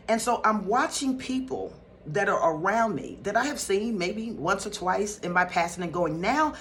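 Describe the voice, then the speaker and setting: A woman from North Philadelphia, a spiritual teacher, telling a story to her viewers in a casual, excitable way with frequent laughter. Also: medium pitch, a little hiss or hum.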